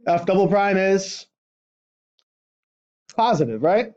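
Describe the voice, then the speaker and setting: A man's voice: on the high side, moderate pace, pauses often, a little mellow. A male math teacher lecturing a class, constantly checking in with questions like "right?". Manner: questioning, prompts students with "right?". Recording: dull lo-fi classroom recording.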